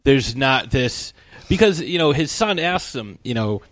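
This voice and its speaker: Man, casual podcast chat, rambling recap, swears freely, mid-pitched, dry close sound. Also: lively intonation, unhurried, a bit bright, dry recording. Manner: rambling, profane, lots of fillers and restarts. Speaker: podcast co-host. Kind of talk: casual chat, retelling a film plot.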